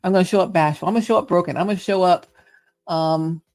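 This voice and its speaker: A woman's voice: on the low side, quick pace, a little mellow, no echo. A middle-aged woman with a Southern US accent, hosting a casual reflective monologue, chatty and playful as she muses aloud. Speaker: host.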